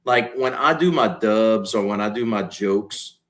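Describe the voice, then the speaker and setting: A guest comedian and content creator in his forties, with a Louisiana Cajun accent, tells stories casually on a podcast. He's an animated storyteller who acts out quotes loudly, speaking in a lowish voice at a measured pace.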